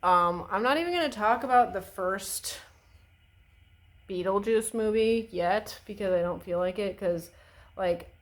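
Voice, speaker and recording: A woman's voice: medium pitch, rough recording. A young woman chats away as she does her makeup, dropping swear words and speaking her mind without a filter. Her talk rambles, full of fillers and restarts, with an easy and unpolished tone. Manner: swears freely, chatty and opinionated. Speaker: beauty vlogger. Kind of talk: casual chat while doing makeup.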